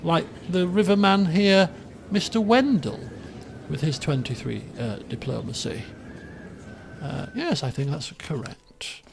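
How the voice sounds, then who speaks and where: A man giving casual gameplay commentary, rambling with lots of fillers and the odd excited outburst. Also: on the high side, unhurried, vocal fry, background noise. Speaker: let's play gamer.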